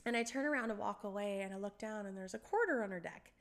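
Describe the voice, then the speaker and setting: A middle-aged woman telling a story in casual chat, animated, acting out quoted voices, laughing often and swearing. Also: medium pitch, quick pace.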